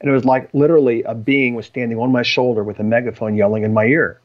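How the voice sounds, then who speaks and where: A man's voice: medium pitch, steady tone, fast talker. A man, a podcast guest, telling personal stories in a rambling way with frequent ums and restarts. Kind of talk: storytelling in conversation. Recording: slightly dull lo-fi audio.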